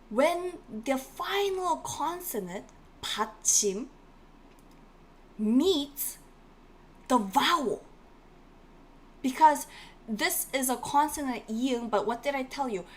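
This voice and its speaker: A woman with a fairly high voice teaches a live online language class, coaxing her viewers along and repeating each key word several times. Faint noise sits under the recording. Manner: encouraging, repeats key words, reads viewer comments. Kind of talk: live-streamed online lesson.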